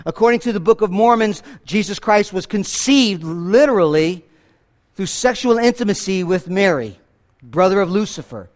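A male pastor preaching a sermon to a church congregation, emphatic, swinging between loud declarations and hushed lines, asking rhetorical questions. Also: lively intonation, normal speed. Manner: emphatic preaching with big swings in pitch and loudness.

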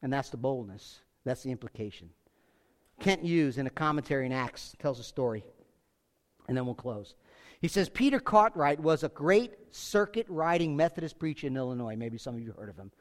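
A man preaching a sermon, emphatic and repetitive, swinging from forceful peaks to quiet asides, with casual fillers like "like" and "you know". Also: medium pitch, lively intonation, normal speed. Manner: emphatic, repeats phrases, rises to forceful peaks then drops quiet. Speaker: pastor.

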